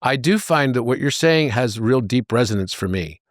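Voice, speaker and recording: A man as a podcast guest, telling anecdotes in an animated way and jumping into high voices for the characters. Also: moderate pace, no echo, studio quality. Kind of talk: conversational storytelling.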